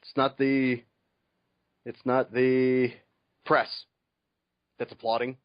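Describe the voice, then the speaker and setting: A man co-hosting a podcast in casual chat, wry and sarcastic, often pausing on fillers. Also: medium pitch, little pitch movement, dry recording, dull audio. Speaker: podcast co-host.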